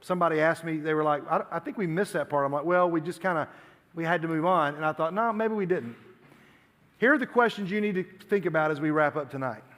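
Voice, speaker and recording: Guy preaching to teens, high voice, acts out little scenes, long reverb from the hall. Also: fast. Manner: animated storytelling, acts out dialogue. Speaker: youth pastor. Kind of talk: youth group sermon.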